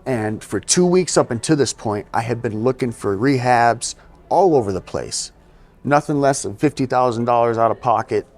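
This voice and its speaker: A US East Coast man tells his life story as a guest on an interview show, his mid-range voice animated and a bit mellow at a normal speed. He speaks casually, regularly adding "you know" and dramatizing quotes.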